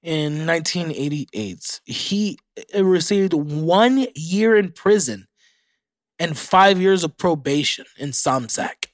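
A man's voice: fairly high pitch, lively intonation, slow, dry recording, studio quality. A young man hosting a casual solo podcast, reading facts aloud and reacting with profanity. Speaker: podcast host.

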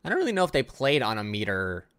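A man's voice: medium pitch, wildly swooping pitch, fast talker, fairly bright tone, clear, resonant tone, dry recording, clean studio sound. A tired man co-hosting a podcast, rambling through a casual music discussion with lots of filler words. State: tired, yawning. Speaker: podcast co-host.

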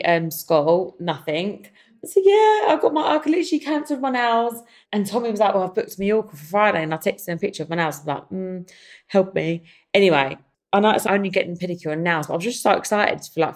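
A young woman, hosting her own podcast and telling a story in a casual, animated way, often calling her listeners "guys". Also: on the low side. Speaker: podcast host. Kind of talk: casual chatty monologue.

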